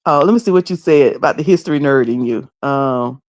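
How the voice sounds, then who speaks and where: A woman's voice: rumbling low, fairly quick, darkish tone. A middle-aged woman from the Carolinas with a Southern accent, chatting casually on a live stream, teasing and laughing often. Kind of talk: casual chat with live chat readers.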